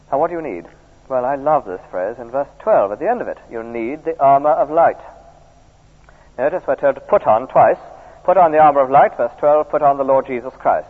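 A middle-aged preacher giving a sermon, often drawing listeners in with tag questions like "isn't it". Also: male voice, medium pitch, husky. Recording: tinny archive recording in a reverberant church.

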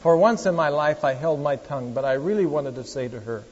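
Husky pastor preaching in a hall. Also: male voice, on the high side, lively intonation, brisk, few pauses, darkish tone. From Oregon, USA. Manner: storytelling, conversational, wry asides to the congregation. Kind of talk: sermon with anecdotes. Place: church. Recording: echoey church hall, dull lo-fi sound.

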